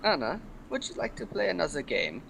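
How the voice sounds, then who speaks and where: A man's voice: on the high side, wildly swooping pitch, brisk, vocal fry, fairly bright tone, slight background noise, rough recording. A man playing his character in a tabletop role-playing game, speaking carefully and politely. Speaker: player.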